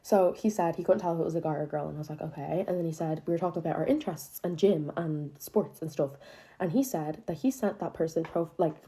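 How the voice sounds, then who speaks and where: A woman's voice: sits low, fast talker. A young woman telling a dramatic personal storytime, swearing often and punching her lines with sudden bursts of emphasis. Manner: expressive, profanity-heavy, dramatic retelling with bursts of emphasis. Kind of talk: storytime monologue.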